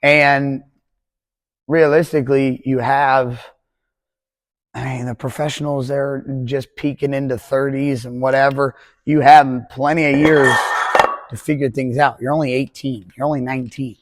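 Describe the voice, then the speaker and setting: A man's voice: medium pitch, flat delivery, unhurried, dry recording. A man in his twenties, a pole vault coach, talking casually and rambling on a podcast. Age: 20s. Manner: rambling, conversational, jokey.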